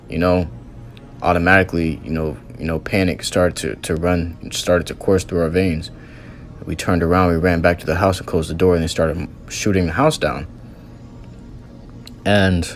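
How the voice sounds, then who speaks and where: Deep-voiced man telling a vision testimony. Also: slight background noise. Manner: earnest storytelling, many "you know" and "man" fillers. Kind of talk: recounting a religious vision testimony.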